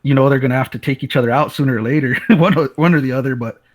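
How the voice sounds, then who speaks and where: Male co-host, laid-back film chat, mid pitch, casual "man" filler. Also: very fast. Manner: laid-back, keeps saying "man", trails off with restarts.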